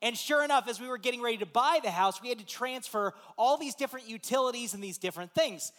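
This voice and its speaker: A man, a pastor, telling a lively personal story in a sermon and acting out the voices in it. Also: very high-pitched, fast. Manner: animated, acts out voices in his story.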